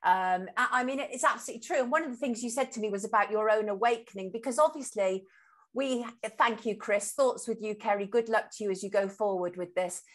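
Woman host, live-stream talk show, sympathetic, reads out viewer comments, middling pitch. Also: fairly quick.

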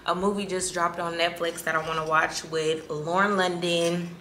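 A woman's voice: lowish voice, little pitch movement, a little fast, fairly bright tone, a little hiss or hum. A young woman vlogging casually to camera, candid and chatty, laughing between lines and talking about feeling emotional and tired. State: emotional, on her period, tired. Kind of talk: casual vlog chat to camera.

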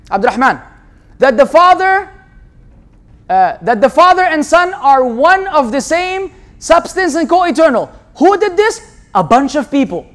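A man giving a religious lecture, animated and rhetorical, often mimicking the voices of people he argues against. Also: very high-pitched. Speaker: Islamic lecturer. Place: lecture hall.

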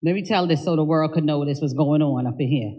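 A woman's voice: low voice, quick pace, dark tone. A woman speaking as the daughter at a memorial service, giving a heartfelt eulogy and then thanking the gathered mourners, emotional and stumbling over her words at times.

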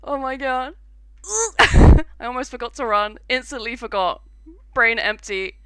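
Young british girl streaming a game, giggly n sweary, high bright voice that swoops all over. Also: animated, unhurried, clean tone, dry recording, clean studio sound. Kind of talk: casual gaming commentary.

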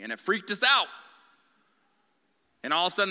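Bright-voiced man preaching in a reverberant church. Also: mid-range voice, fairly quick, long pauses. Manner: candid, conversational preaching. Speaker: guest preacher. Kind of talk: sermon. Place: church sanctuary. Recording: long reverb of a church hall.

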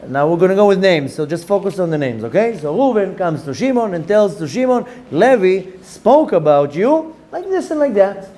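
A man teaching a Torah class as a rabbi, who quickly reads Hebrew passages aloud and acts out the people in his example. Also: sits high, mellow. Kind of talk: animated Torah lesson.

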